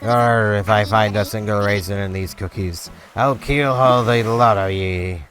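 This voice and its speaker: A man putting on a shipwrecked seagull pirate, all bluster and salty bravado, in a cartoonish game voice with a lowish tone. He leans hard into hammy pirate talk, every line a theatrical reading, with game music running behind. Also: unhurried, fairly bright tone. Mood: blustery.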